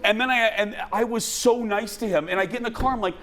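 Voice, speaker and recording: A man hosting a talk show, chatting casually and telling stories with lots of animation, often switching to high voices for quoted lines. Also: fast talker, fairly bright tone. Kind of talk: casual studio chat.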